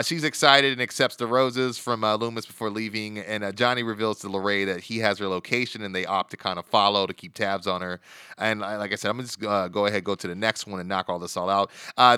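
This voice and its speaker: A man walks through a wrestling episode in casual podcast chat, stopping and restarting with plenty of fillers. His voice is bright and smooth. The sound is dry and close to the mic. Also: lowish voice, dry recording. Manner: rambling recap with many uh fillers and restarts. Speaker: podcast co-host.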